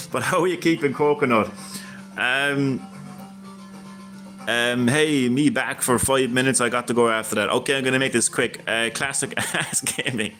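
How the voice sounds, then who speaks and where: A man's voice: medium pitch, a little slow, pauses often, sharp tone, soft background music. A man hosting a gaming live stream in casual chat, hesitant and stammering, with frequent laughs.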